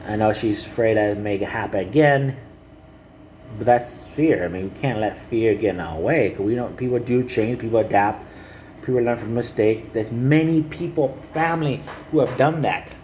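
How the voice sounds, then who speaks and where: Man, fairly low voice, earnest, halting, fillers, faint hum behind. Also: a little mellow, poor audio. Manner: halting, repeats "you know" often; earnest and heartfelt. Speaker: father speaking to camera. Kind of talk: rambling personal monologue.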